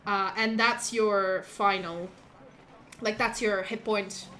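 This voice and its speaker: Bright-voiced woman game master. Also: mid-range voice, steady tone, slow pace, slight background noise. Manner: rambling, many fillers and restarts. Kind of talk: narrating a tabletop game.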